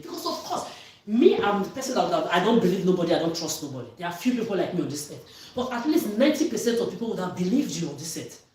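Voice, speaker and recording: A woman's voice: mid-range voice, a little mellow, slight background noise. A woman vlogger delivering an angry, accusatory monologue, swearing and often raising her voice. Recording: echoey room, far from mic.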